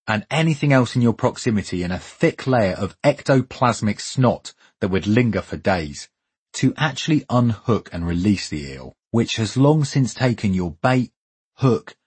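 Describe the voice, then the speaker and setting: A man's voice: fairly low pitch, darkish tone, slightly rough. A man reading a scripted first-person memoir story in a wry, vivid way with dramatic pacing.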